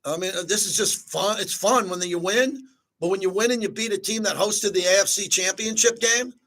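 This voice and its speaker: A middle-aged man hosts a sports talk show in an upbeat, chatty manner. His voice is husky and sits a little high for a man. He moves easily between fan talk and sponsor reads. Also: normal speed, fairly bright tone, low-quality recording. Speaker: sports radio host.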